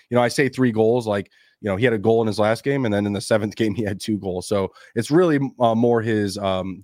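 Raspy sick guy on a fantasy hockey podcast, lowish voice, dry sound. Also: dry recording. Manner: relaxed, rambling with fillers. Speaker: podcast co-host. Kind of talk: casual sports podcast chat.

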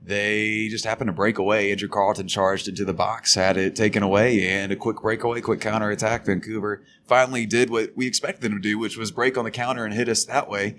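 A man's voice: lowish voice, steady tone, brisk, few pauses, a bit bright, a little hiss or hum. A man co-hosting a podcast, casually recapping a soccer match in a chatty way. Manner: chatty, swears casually, laughs. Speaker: podcast co-host.

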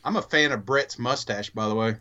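A man's voice: medium pitch, a little fast, bright, forceful tone, dull audio. A man co-hosting a casual sports podcast, playful and laughing a lot. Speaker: podcast co-host.

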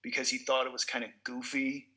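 A man's voice: mid-range voice, completely flat delivery, a little fast, crowd noise. A man co-hosting a casual film review chat, rambling and agreeable. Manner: rambling, restarts often, agreeable. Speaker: podcast co-host.

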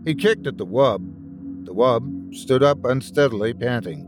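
A man narrating a scripted story in an expressive, dramatic way. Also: mid-range voice, measured pace, over music. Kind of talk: scripted horror story reading.

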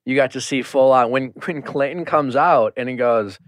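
A man hosting a podcast in casual chat, animated and swearing, acting out quotes as he talks. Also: medium pitch, moderate pace, no room sound. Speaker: podcast host.

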